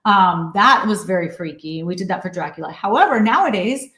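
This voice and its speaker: A woman actress as an interview guest, chatting casually and telling lively stories. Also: medium pitch, a little fast. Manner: animated storyteller, acts out quotes. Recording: roomy echo.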